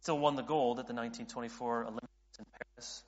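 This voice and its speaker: A man's voice: mid-range voice, fairly even intonation, fast, a little mellow. Guy in his late 30s preaching, earnest, keeps restarting lines, long echo in a big hall, kinda muffled audio. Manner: earnest, with frequent restarts and rising intensity. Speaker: pastor. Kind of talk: sermon. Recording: dull audio in a reverberant hall.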